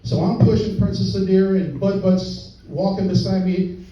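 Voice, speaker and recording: A man's voice: sits high, moderate pace, dark tone. An older man, a grandfather, telling a folksy comic story on stage and chuckling as he goes. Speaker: stand-up comedian. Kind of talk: storytelling stand-up. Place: live venue with audience. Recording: distant, roomy, dull live recording.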